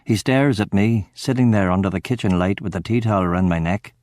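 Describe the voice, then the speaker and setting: A man giving steady, measured first-person narration of a crime novel audiobook. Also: lowish voice, no echo.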